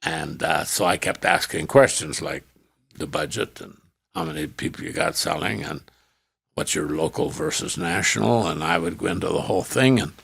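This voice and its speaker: An older man, a former radio host telling career stories as a podcast guest, animated and acting out the people he quotes. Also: low voice, moderate pace, creaky, slightly rough, no echo. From Canada. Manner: animated storyteller who acts out quoted dialogue. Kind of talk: storytelling in a podcast interview.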